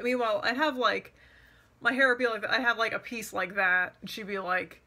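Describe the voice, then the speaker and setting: A woman's voice: on the high side, steady tone, normal speed, pushed and bright. A young woman telling a personal story to camera in an exasperated, sarcastic rant. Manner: exasperated, sarcastic, mocks others' words. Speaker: vlogger.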